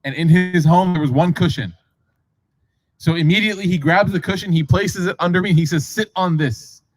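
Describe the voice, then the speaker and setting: Male preacher, casual storyteller, higher-pitched voice, dry recording, acts out quotes. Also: normal speed, no room sound, rough recording.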